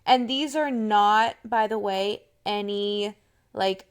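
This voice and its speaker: A woman co-hosting a podcast, chatting casually in a relaxed way and reacting often to her co-host. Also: mid-range voice, slow pace, clean tone. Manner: relaxed, reacts and agrees a lot. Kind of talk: casual chat.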